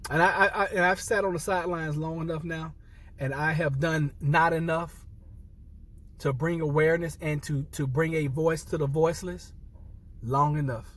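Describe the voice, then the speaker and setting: Upset veteran man speaking to camera, husky, higher-pitched, a little off-mic. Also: steady tone, moderate pace, fairly bright tone, distant mic. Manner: earnest, emphatic, repeats and restarts phrases, addresses viewers as y'all. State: upset and near tears. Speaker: military veteran vlogger. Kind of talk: impassioned personal commentary to camera.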